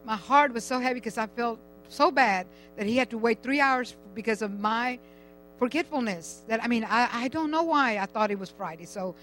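A woman's voice: a little high, moderate pace, fairly bright tone, faint music behind, poor audio. An older woman giving a rambling, chatty personal testimony in church, laughing now and then as she talks.

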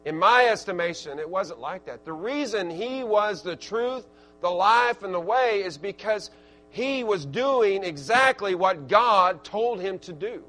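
A high-pitched man with a Southern US accent from Arkansas delivers a sermon in an animated but unhurried way. He shifts between hushed asides and loud, forceful climaxes, often restarting his words.

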